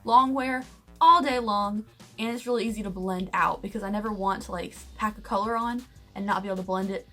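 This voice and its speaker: A woman's voice: medium pitch, brisk, fairly bright tone, soft background music. A young woman from the United States chatting candidly and enthusiastically through a casual makeup review. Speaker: beauty vlogger.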